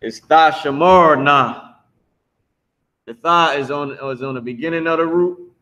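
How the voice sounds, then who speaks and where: A man teaching a live online language class, drawing out drilled words slowly and talking bluntly. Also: on the high side, pushed and bright, poor audio. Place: Philadelphia.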